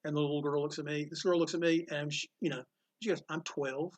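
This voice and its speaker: A man, a comic shop owner, telling animated stories in a casual interview and acting out the voices of people in them. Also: fairly high pitch, fast. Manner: animated storyteller, acts out quotes, laughs often.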